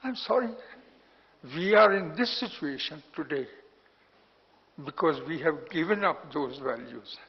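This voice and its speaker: Gravelly older Indian man in a hall. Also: fairly high pitch, expressive, a little slow. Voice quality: gravelly, husky. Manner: blunt, grows loud when indignant. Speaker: former national security adviser, speaker. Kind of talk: speech at a report launch. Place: large hotel hall. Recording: dull recording in a reverberant hall.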